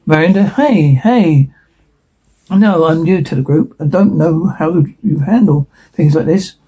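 A man dubs a whole TV scene solo, jumping from character to character and speaking the sound cues out loud. He sounds animated and a little slow, with a warm, husky voice on the high side, and the recording quality is low.

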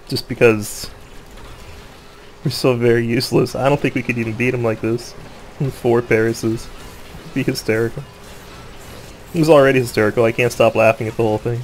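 A man at a middle pitch chats loosely over his own gameplay, laughing easily and poking fun at himself. His voice turns excitable in the busy moments, and a faint hiss of noise sits under the recording. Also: fairly quick, long pauses. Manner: laughs often, excitable, joking, self-mocking. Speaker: gamer commentating his own play. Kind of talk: casual gameplay commentary.

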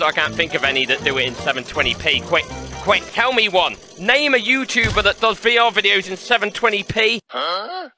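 A man giving playful commentary on a VR game, laughing often and yelling in the fights. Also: high-pitched, low-quality recording. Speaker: gaming YouTuber. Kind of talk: VR gameplay commentary.

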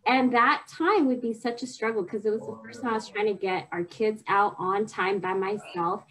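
A woman co-hosting a church talk show, speaking in a soft, halting, reflective way. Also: medium pitch, rough recording. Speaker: podcast co-host. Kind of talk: casual chat.

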